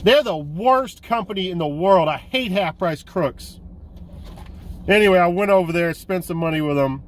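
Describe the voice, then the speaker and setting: A man hosting a casual collecting vlog, excited and rambling, swearing now and then. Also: sits high, moderate pace, slight background noise. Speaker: host of a physical media collecting vlog.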